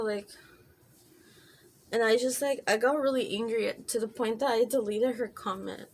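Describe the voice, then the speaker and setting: A woman's voice: fairly high pitch, steady tone, moderate pace, long pauses, darkish tone, a little hiss or hum. A woman telling a casual storytime vlog while doing her makeup, talking in loose chatty runs full of fillers and restarts. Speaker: vlogger.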